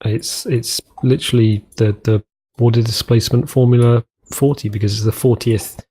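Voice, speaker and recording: Male let's-play host, mid-pitched and mellow, loose rambling commentary with self-mocking asides. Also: fairly even intonation, moderate pace, breathy edge. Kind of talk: casual gameplay commentary.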